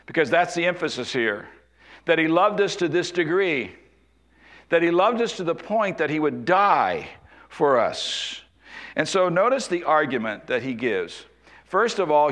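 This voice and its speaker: A man preaching an expository sermon, slowing down and dropping his voice low to stress key points. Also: fairly bright tone. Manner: expository preaching, slows and drops low for emphasis. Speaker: pastor.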